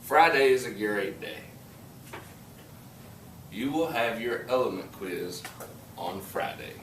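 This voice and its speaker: Animated high school chemistry teacher. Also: male voice, takes it slowly, background noise. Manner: lively, joking and teasing with students. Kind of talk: classroom lecture. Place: classroom. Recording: echoey classroom from a distance.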